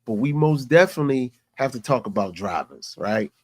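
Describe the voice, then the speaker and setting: A man's voice: mid-range voice, animated, normal speed, a little mellow, no echo. A man vlogging, telling a story in a loose, conversational way. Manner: conversational, repeats "you know what I'm saying". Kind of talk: casual storytelling.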